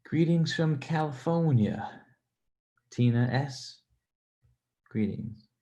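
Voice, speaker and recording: A man hosting a casual livestream, reading viewer comments aloud, animated and swearing freely as he talks. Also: a little high, takes it slowly. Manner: animated, swears freely, laughs between points.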